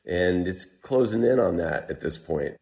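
A man's voice: low-pitched, a little slow. A man telling a personal story casually to an interviewer, often saying "like". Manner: animated, heavy use of "like". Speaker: guest telling a survival story.

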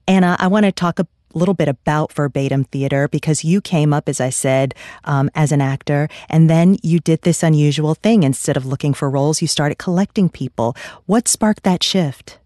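A woman hosting a radio interview, reading measured scripted introductions. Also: deep voice, mellow, dry recording, studio quality. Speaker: radio host.

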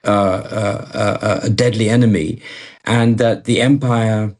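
Male panel voice, husky, stammering, emphatic. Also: lowish voice, fairly even intonation, slow pace, a little mellow. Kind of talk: radio discussion.

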